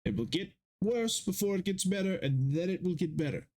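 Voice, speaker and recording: Jittery male healer, stammering, voice lifted a bit high, played by a man. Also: expressive, a little mellow. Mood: urgent. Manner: stammering, hurried. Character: nervous male healer with syringes.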